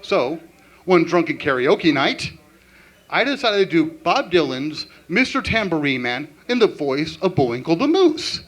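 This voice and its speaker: A man performing a stand-up comedy set with an animated, punchline-driven delivery. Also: a little high, a little slow.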